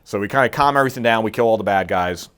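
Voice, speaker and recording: A middle-aged man with a somewhat low voice tells a war story in a casual interview. He acts out the quotes of the people in his story and swears freely along the way. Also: racing, fairly bright tone, smooth. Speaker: guest, military veteran.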